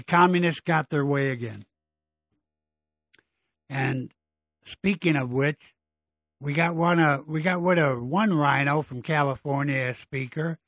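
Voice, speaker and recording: Husky, exasperated middle-aged man ranting. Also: on the high side, fairly bright tone, dry recording. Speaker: political commentary host. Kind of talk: opinionated political monologue.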